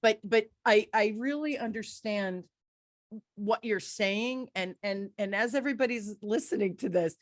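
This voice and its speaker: A middle-aged woman hosting an interview, telling a personal story in a candid, energetic way. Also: medium pitch, measured pace, no echo, studio quality. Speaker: podcast host.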